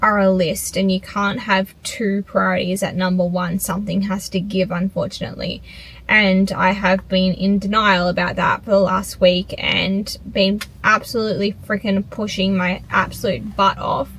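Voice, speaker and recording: A woman's voice: mid-range voice, low-quality recording. A young woman, talking in a casual, emotional, rambling way to her phone camera. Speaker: vlogger. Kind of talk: casual vlog chat.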